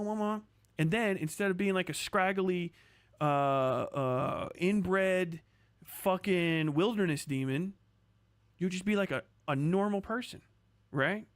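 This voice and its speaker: A man's voice: sits high, no echo. A man streaming casual commentary, crude and sarcastic, rambling and swearing often.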